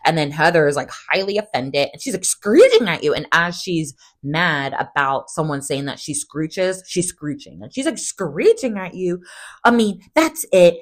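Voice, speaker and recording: She is a woman hosting a casual recap in a fairly low voice. She is chatty and sarcastic, and she acts out other people's quotes in much higher voices. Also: expressive, moderate pace. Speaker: recap host.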